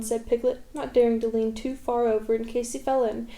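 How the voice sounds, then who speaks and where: Female storybook reader, high, mellow, calm, echoey room. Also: brisk. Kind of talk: storybook read-aloud.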